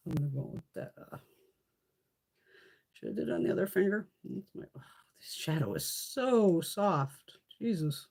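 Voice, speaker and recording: A woman with a fairly low voice chats on a live makeup stream. Her pitch swings widely as she rants in a blunt, profane, gossiping way. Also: lively intonation, measured pace, vocal fry, pauses often, darkish tone. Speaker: beauty livestream host. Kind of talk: casual chat during a live makeup swatch stream. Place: home, in Connecticut.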